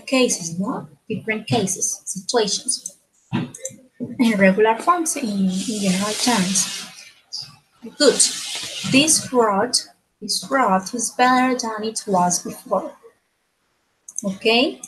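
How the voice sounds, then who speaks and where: A woman with a fairly high voice teaches an English grammar lesson at an unhurried, slow pace. She explains step by step, repeats words and phrases, and keeps checking in with her students through short tag questions. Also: a bit bright, slight background noise, low-quality recording.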